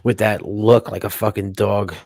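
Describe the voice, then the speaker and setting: A man, co-hosting a podcast, telling crude, profane stories in fast casual chat. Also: on the low side, little pitch movement, vocal fry, a little mellow, no echo, studio quality. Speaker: podcast co-host.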